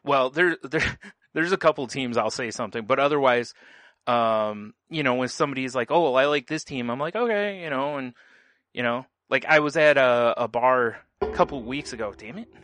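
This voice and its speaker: A man's voice: medium pitch, moderate pace, fairly bright tone, no room sound. A man co-hosting a casual podcast, telling stories in a laid-back way and laughing often. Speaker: podcast co-host. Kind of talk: casual chat.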